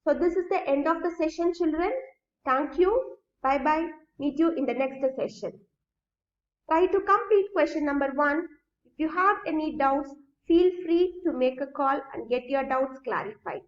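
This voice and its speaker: A woman teacher giving a recorded grammar lesson. She goes slowly, step by step, and often checks that students follow. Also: high-pitched. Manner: slow, explains step by step, checks understanding. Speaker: school English teacher. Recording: echoey room, dull lo-fi sound.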